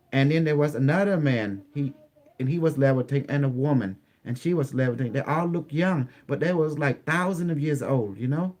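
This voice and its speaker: Halting man telling his story, English. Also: medium pitch, darkish tone. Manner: halting, repetitive storytelling with many restarts. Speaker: interview guest. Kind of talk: recounting a personal experience in an interview.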